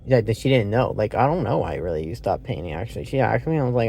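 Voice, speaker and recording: A man's voice: mid-range voice, animated, a little fast, few pauses. A man giving a casual, rambling solo movie review, thinking aloud with lots of fillers, self-corrections and casual swearing.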